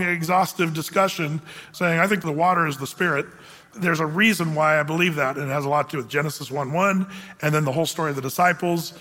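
A male pastor preaches in a bright, high voice, his words ringing out in a long hall echo. He teaches conversationally, reading scripture aloud and asking his congregation questions. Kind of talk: verse-by-verse Bible teaching sermon.

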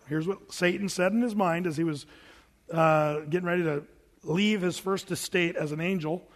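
High-voiced man preaching with long reverb. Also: fairly even intonation, moderate pace. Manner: conversational, plain-spoken preaching with asides. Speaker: pastor. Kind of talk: Bible-teaching sermon.

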